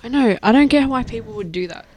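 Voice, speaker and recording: A woman's voice: a little high, expressive, fast, darkish tone, slight background noise. A young woman co-hosting a casual chat podcast, reacting with lots of fillers and slang. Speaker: co-host.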